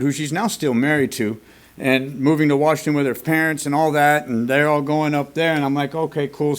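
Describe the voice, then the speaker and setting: Candid man telling his recovery story. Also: mid-range voice. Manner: candid and plain-spoken, with casual swearing; earnest and confessional. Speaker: recovery meeting speaker. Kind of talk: personal recovery story told to a meeting. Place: meeting room at a school.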